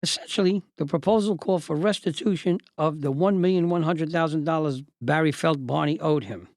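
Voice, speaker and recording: An older man hosting and narrating a memoir story in a measured, deliberate, lawyerly way. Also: on the high side, a little mellow, no echo. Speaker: host and narrator.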